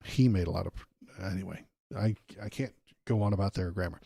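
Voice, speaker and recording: A man's voice: lowish voice, normal speed, creaky, warm tone, no echo, clean studio sound. A man hosting a political livestream, talking casually and sardonically with lots of "uh" fillers and restarts. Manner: rambling, sardonic, many uh fillers. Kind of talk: casual live commentary.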